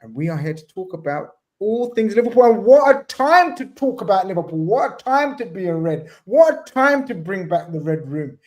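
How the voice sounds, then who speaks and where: A man hosting a casual fan panel over a video call, playful and excitable with jokey banter. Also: sits high, normal speed, hardly any pauses. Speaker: podcast host.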